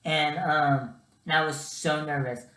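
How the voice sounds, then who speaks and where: A young man talks to his viewers in a relaxed, chatty storytelling vlog and keeps calling them "guys." His voice bounces around a roomy, echoey room. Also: fairly high pitch, measured pace. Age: young adult. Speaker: vlogger.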